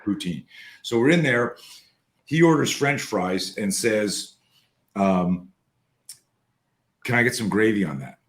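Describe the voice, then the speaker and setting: A man with a very low voice hosts a relaxed interview. He rambles through a story, pausing on fillers and correcting himself as he goes. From Canada. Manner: rambling, hesitant anecdote with fillers. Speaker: podcast host. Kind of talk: casual interview chat.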